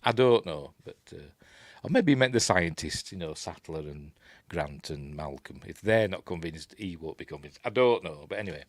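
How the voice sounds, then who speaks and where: A Yorkshire man talks through a film in a relaxed, meandering way, pausing often to search for words and wander off on tangents. His voice sits on the low side and comes across close and dry, with no room sound around it. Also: no echo. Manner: rambling, hesitant, full of asides. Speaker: film reviewer. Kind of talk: casual film commentary over playback.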